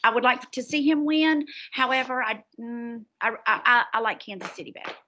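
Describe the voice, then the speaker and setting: A woman's voice: fairly high pitch, a little fast, sharp tone, lo-fi sound. A woman with a Southern US accent, chatting on school announcements in a rambling, self-deprecating way. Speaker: school staff co-host of announcements. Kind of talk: casual chat on school announcements.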